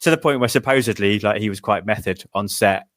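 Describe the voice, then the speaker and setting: Easygoing man with a low voice. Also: fairly quick, fairly bright tone, dry recording, studio quality. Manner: easygoing, agreeable, laughs often. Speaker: podcast guest. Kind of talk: casual film discussion.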